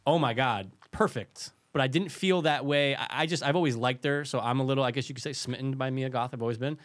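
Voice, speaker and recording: A man in a casual movie chat, relaxed and agreeable, curious about small details. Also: mid-range voice, fast talker.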